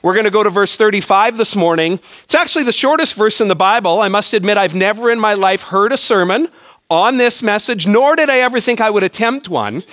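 A man delivers a sermon to his congregation in a relaxed, joking, conversational way, often tossing in "right?". His voice sits high for a man, and the sound is close and dry with little room echo. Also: a little fast. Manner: conversational, self-deprecating humor with frequent "right?". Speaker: pastor. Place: church sanctuary.

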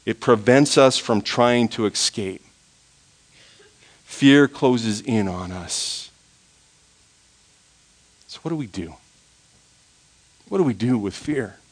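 A man preaching a sermon, swinging between soft, quiet passages and loud, high, forceful ones. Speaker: pastor.

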